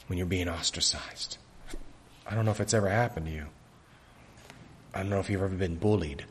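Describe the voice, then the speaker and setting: A fairly low-voiced man preaching a sermon while he keeps hiccuping, his throat raw. He speaks earnestly and haltingly, restarting his phrases, with a faint hum of noise behind him.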